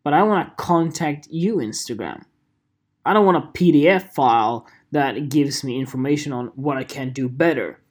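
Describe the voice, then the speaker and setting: A man's voice: medium pitch, moderate pace. A young man from Sweden with a Swedish accent, talking casually to camera as a photographer in a rambling, jokey vlog monologue. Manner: rambling, animated, jokey asides with playful voices.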